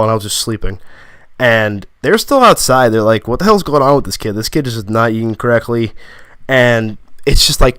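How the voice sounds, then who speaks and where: A young man tells a long rambling story, full of fillers and asides. His voice is smooth and clear, recorded close and dry with no room sound. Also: medium pitch, a bit bright, dry recording. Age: young adult. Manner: rambling, lots of fillers and 'like'; quotes friends in quick bursts. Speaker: vlogger. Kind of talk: casual storytelling.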